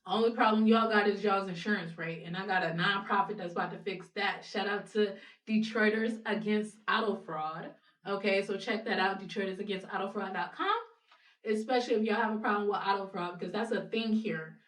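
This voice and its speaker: A woman's voice: medium pitch, a little fast. A young woman from Ohio, a guest in a casual interview, speaking frankly and swearing freely. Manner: frank and animated, swears freely, laughs between points. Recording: roomy sound from a distant mic.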